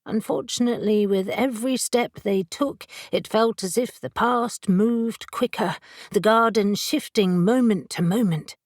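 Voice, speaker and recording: Woman narrator, audiobook reading, measured and unhurried, voices her characters, dry studio sound. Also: mid-range voice, no echo. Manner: measured, voicing each character. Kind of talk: scripted narration.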